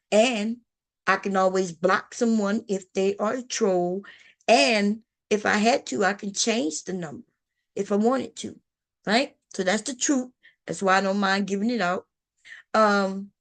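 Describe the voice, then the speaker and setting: A woman hosting a casual livestream, chatting to her viewers in a talkative, repetitive way. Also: mid-range voice. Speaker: livestream host.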